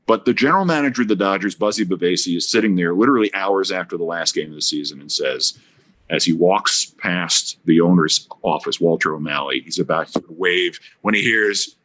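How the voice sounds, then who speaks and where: A man's voice: low voice, a bit bright. A man guesting on a podcast, telling anecdotes with big swings in his voice and acted-out quotes. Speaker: guest broadcaster.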